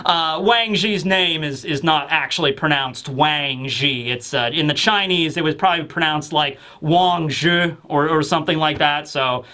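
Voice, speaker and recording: A man giving a casual comic review on video, excitable and animated, bursting into shouts. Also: fairly high pitch, normal speed, few pauses. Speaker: manga reviewer.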